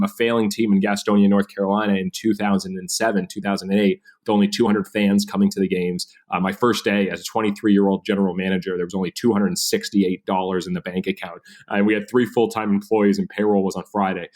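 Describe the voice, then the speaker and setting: A man's voice: on the low side, little pitch movement, fairly quick, hardly any pauses. A man in his thirties, a podcast guest telling his story with energy and animation. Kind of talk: storytelling interview.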